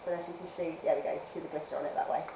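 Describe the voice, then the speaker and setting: A woman's voice: low voice, racing, gravelly. Chatty woman streamer laughing often. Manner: chatty, laughs often, drifts from soft to lively. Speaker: streamer and adult-education teacher. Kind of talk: casual live-stream chat. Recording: roomy echo, faint background noise.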